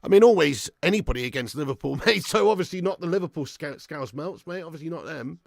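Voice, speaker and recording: A man hosting a live football watch-along, commentating on play and chatting with viewers. He swears a lot and swings between excited shouting and flat grumbling. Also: a little high, quick pace, vocal fry, no echo, studio quality. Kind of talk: live match commentary and fan chat.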